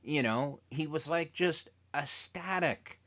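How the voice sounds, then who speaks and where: A man interviewing a TV creator as a fan, telling stories in an animated way and acting out quotes. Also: fairly high pitch, slow pace. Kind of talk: casual interview chat.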